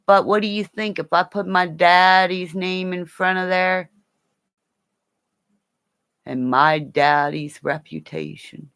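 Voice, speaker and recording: Slow gravelly woman ranting. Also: low-pitched, a bit bright. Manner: profane and angry; rambling, jumps between topics. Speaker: vlogger. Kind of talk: ranting monologue to camera.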